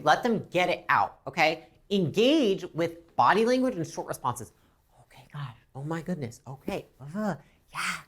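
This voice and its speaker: A woman teaching a business lesson, talking bluntly and now and then acting out lines from customers and staff. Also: fairly low pitch. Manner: animated, acts out customer and rep lines; blunt, swears casually. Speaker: business instructor.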